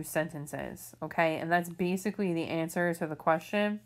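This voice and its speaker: A woman's voice: low voice, normal speed, few pauses. A woman teacher walking students through reading questions in a recorded lesson, patient and explanatory, often checking in with "okay?". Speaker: English teacher. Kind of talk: recorded remote lesson walkthrough.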